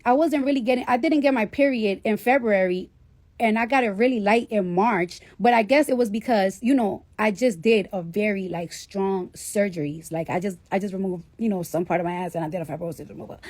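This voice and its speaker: A woman's voice: a little high, darkish tone, no room sound. Candid, foul-mouthed woman telling a story. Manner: candid, profanity-laden, chatty. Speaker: livestreamer. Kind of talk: casual storytelling to a live audience.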